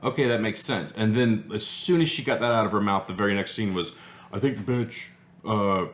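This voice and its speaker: Low-voiced man in a joking chat. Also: fairly quick, roomy sound. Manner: joking, acts out quotes in silly voices. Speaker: podcast co-host. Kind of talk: casual chat.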